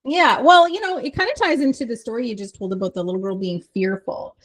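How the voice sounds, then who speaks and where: A woman in a casual podcast chat, speaking earnestly and thinking aloud with frequent pauses. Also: fairly high pitch. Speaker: podcast conversation partner.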